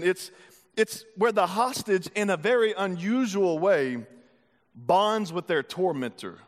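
A man preaching a sermon, retelling a scripture story in a casual, slangy way before moving into teaching. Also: high voice. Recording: long hall reverb.

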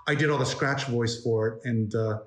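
A man's voice: medium pitch, steady tone, moderate pace. Rambling man in a roomy space. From New York, United States. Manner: rambling, many fillers and restarts. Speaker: interview guest, animation story artist. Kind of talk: casual interview chat. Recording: roomy echo.

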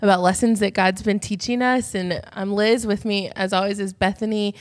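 A woman's voice: medium pitch, steady tone, moderate pace, dry recording, clean studio sound. A woman hosting a podcast, opening the episode in an eager, welcoming way. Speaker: podcast host. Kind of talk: podcast introduction.

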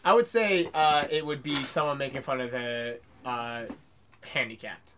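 A man's voice: mid-range voice, measured pace, fairly bright tone, a little hiss or hum. A man on a podcast panel, sarcastic and joking in casual group chat. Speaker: podcast co-host.

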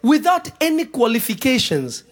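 A man preaching a sermon to a congregation, joking and laughing through his stories before rising to shouted points. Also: extremely high pitch, wildly swooping pitch, moderate pace. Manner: humorous, laughing at his own stories, then building to shouts.

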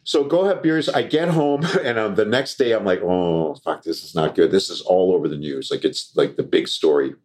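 A low-pitched man tells a story as a podcast guest, with plenty of swearing and laughter. He slips into quoted voices of the people in his tale, keeping it loose and conversational. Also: normal speed, hardly any pauses. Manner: profane, laughing, animated anecdote with quoted voices. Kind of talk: casual storytelling.

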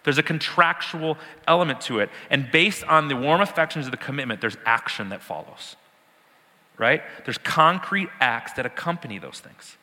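A man's voice: mid-range voice, lively intonation, moderate pace, bright, forceful tone, long reverb tail. A man teaching a sermon, explaining words with emphatic repetition and the odd laugh. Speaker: preacher.

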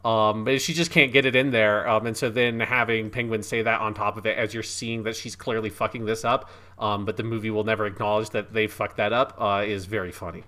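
A man co-hosting a film podcast, talking in a relaxed, chatty way with fillers and some swearing. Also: fairly low pitch, brisk, hardly any pauses. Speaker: podcast co-host. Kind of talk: casual film discussion.

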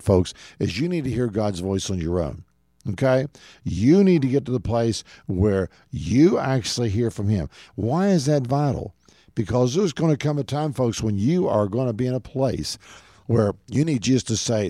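A man's voice: medium pitch, big pitch swings, a little slow, dark tone, no echo, studio quality. A middle-aged man preaching a radio sermon, earnestly and directly calling his listeners "folks". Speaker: radio show host and preacher.

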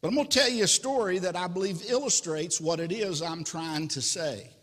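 A man preaching a sermon as pastor, slow and emphatic, repeating key words. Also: high-pitched, a bit bright, big-room sound.

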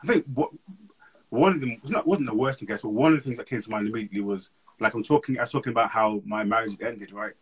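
A young man talks fast in a husky, slightly breathy voice. He tells stories in an animated, slangy way, like a guest in a relaxed interview. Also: on the low side, poor audio. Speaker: guest speaker. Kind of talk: casual interview chat.

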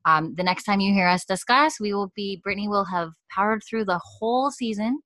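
A woman's voice: mid-range voice, a little fast, fairly bright tone, no room sound. A woman co-hosting a casual podcast, chatty and rambling, laughing often, from Canada. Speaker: podcast co-host.

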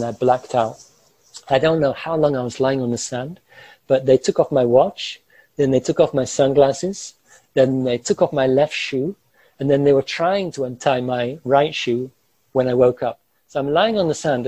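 Husky, mellow-voiced man telling a story. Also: medium pitch, dry recording, poor audio. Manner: animated, gestures while talking, chuckles through tense moments. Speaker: guest recounting a personal ordeal. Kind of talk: vivid first-person storytelling.

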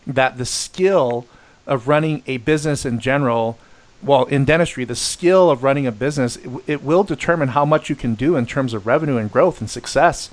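A middle-aged man hosting a podcast, chatting casually and telling animated stories with many restarts and quoted voices. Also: medium pitch, a little fast. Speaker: podcast host. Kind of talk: casual chat.

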